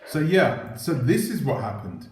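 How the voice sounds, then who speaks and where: A man's voice: mid-range voice, very animated, measured pace, a little hiss or hum. A man hosting his own commentary channel, talking casually to camera on a clip-on mic, rambling and asking his viewers rhetorical questions. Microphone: clip-on microphone.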